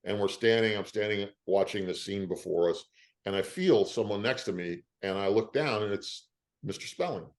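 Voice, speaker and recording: An older man, an actor, telling stories in an interview with a lively, emotional delivery. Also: lowish voice, moderate pace. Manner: lively storyteller, emotional at times. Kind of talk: animated anecdotes.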